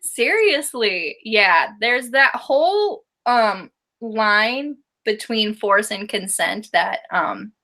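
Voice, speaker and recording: A woman's voice: medium pitch, animated, takes it slowly, hardly any pauses, sharp tone. A woman co-hosting a casual book discussion, chatty, with frequent laughs and fillers. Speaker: book review co-host.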